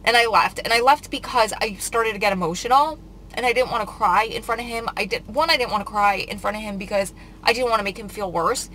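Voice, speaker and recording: A woman's voice: mid-range voice, fast, pushed and bright, a little hiss or hum, rough recording. Upset woman rambling in a confessional vlog. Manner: emotional, rambling, many "like" fillers. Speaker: vlogger. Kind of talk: casual confessional storytime.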